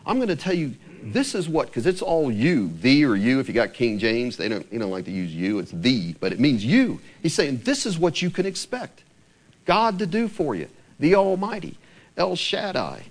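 Animated male preacher, lively pitch. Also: moderate pace. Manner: animated preaching with rhetorical questions. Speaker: pastor. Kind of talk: sermon. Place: church sanctuary.

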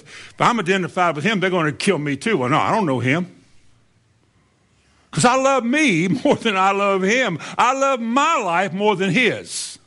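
A man's voice: sits high, pushed and bright, exaggerated voice. A man voicing a weary, defensive fisherman disciple in a sermon retelling, speaking in a muttering, resigned way.

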